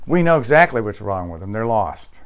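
A male pastor preaching a sermon, with emphatic insistence that drops to quiet, low asides. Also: big pitch swings, fairly quick.

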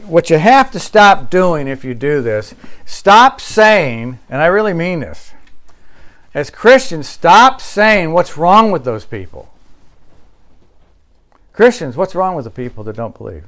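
Male pastor, sermon delivery, emphatic and insistent, voice sits a little high. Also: very animated, a little slow. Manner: emphatic preaching, swinging between loud insistence and quiet asides.

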